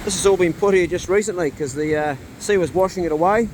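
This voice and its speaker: This man's voice sits high and has a darkish tone, and he speaks quickly over slight background noise. He's a vlogger doing relaxed, chatty commentary outside and from his truck, addressing his dogs as he goes.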